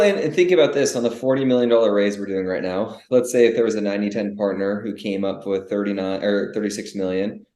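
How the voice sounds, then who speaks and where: Young man asking questions in an echoey room. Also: lowish voice. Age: young adult. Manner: animated, asks rhetorical questions, restarts often. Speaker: podcast co-host. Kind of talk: casual business podcast chat.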